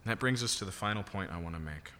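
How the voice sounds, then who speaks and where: A man's voice: sits low, lively intonation, racing, bright, forceful tone, slight background noise. A man preaching a sermon, teaching in a conversational way and checking in with rhetorical questions. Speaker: pastor. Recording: reverberant hall.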